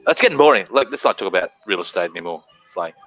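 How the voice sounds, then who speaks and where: A man's voice: low voice, lively intonation, very fast, a bit bright, faint music behind, poor audio. An Australian man hosting a live stream, chatting casually, reading out viewer names and swearing freely. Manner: rambling, reads chat names aloud, swears freely.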